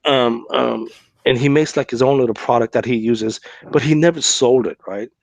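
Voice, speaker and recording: Male podcast host, medium pitch, loose conversational storyteller, dry close sound. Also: moderate pace, vocal fry, no room sound. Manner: chatty, with many fillers and "right?" tags.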